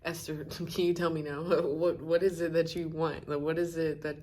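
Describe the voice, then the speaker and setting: A woman's voice: sits low, level tone, moderate pace, mellow. A woman voicing an impulsive, smitten ancient king in casual modern phrasing during a retold story. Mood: eager.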